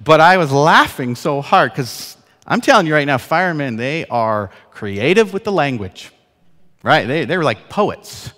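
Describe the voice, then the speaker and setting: A man in his forties preaching a sermon as pastor, telling stories with laughs and swinging from loud to soft. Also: fairly high pitch, big pitch swings, a little slow. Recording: long hall reverb.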